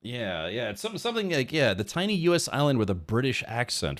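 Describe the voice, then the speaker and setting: A man's voice: medium pitch, very animated, fairly quick, few pauses, no echo. A man streaming a video game, chatting casually, rambling and thinking aloud with lots of fillers and restarts, and reading chat and quest text aloud. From United States. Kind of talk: casual livestream chat while gaming.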